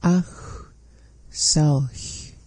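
A woman's voice: low-pitched, fairly even intonation, extremely slow, mellow, breathy edge. A woman in a language lesson, repeating phrases after the teacher.

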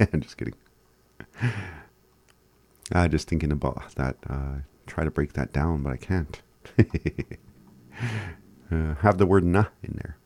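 Low voiced guy chuckling thru a relaxed language lesson, talks slow. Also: no echo. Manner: laid-back, chuckling often, spells words out slowly. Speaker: language teacher.

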